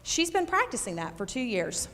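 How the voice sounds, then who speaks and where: A woman's voice: fairly high pitch, sing-song, moderate pace, fairly bright tone. A woman with an Eastern North Carolina accent giving an enthusiastic public speech to a live audience as a physician introducing a keynote. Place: large hall. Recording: reverberant hall.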